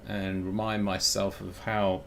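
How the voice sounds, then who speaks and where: A man streaming live while programming, thinking aloud in a halting way that keeps breaking off mid-sentence. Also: low voice, little pitch movement, creaky, slight background noise. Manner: halting, self-interrupting, muttering while working.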